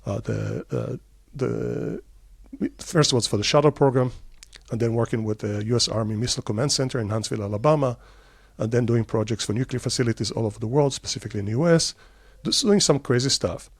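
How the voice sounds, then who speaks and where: A middle-aged Israeli man, a startup CEO, answering interview questions with lively stories, quick bursts and many fillers. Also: medium pitch, creaky, breathy edge, no echo.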